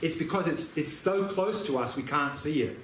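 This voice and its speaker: A man's voice: on the high side, lively intonation, normal speed, fairly bright tone, a little hiss or hum. A man teaching meditation, answering questions with patient, repetitive explanations. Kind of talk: dharma teaching Q&A. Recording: echoey room, faint ambience.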